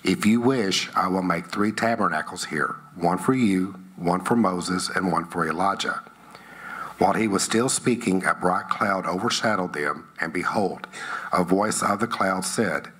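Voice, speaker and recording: A man reading a Bible passage aloud in church, measured and phrase by phrase. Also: sits low, fairly bright tone, slightly rough. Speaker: scripture reader. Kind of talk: scripture reading.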